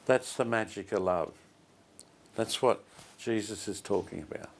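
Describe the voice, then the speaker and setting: An older pastor delivers a sermon slowly, with heartfelt pauses and repeated phrases. His voice sits low and has a gravelly edge.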